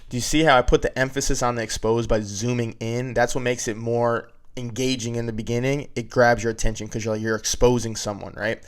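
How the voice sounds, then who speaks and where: A man's voice: mid-range voice, level tone, fairly quick, few pauses, smooth. A man teaching video editing in a casual, step-by-step way, often checking in with "right?". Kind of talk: screen-recorded editing tutorial.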